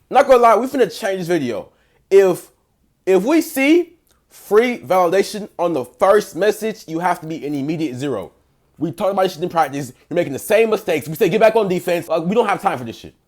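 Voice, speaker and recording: A young man with a fairly high, very animated voice that swings widely up and down, reacting to screenshots as a dating coach. He trash-talks bluntly, swears freely, and mixes in basketball slang as he rates each exchange out of ten. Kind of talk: casual reaction commentary.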